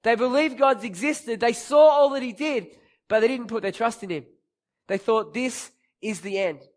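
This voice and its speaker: Brief: male preacher, high voice, storytelling sermon that swells to emphatic peaks. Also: normal speed. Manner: storytelling with acted-out quotes, rising to emphatic peaks.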